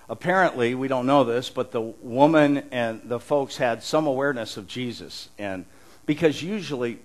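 A man's voice: mid-range voice, rough recording. Middle-aged male pastor preaching animatedly. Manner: animated, repeats and restarts words, chuckles often. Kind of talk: conversational sermon.

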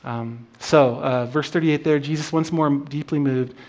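A man's voice: a little high, fairly even intonation, a little slow, a little mellow. A man leading an informal Bible study, talking through a passage with many fillers and restarts.

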